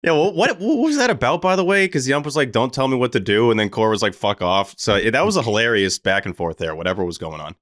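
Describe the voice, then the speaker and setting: A man's voice: mid-range voice, sing-song, fast, few pauses, fairly bright tone, dry recording, clean studio sound. A man co-hosting a casual sports podcast, bantering and laughing. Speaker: podcast co-host.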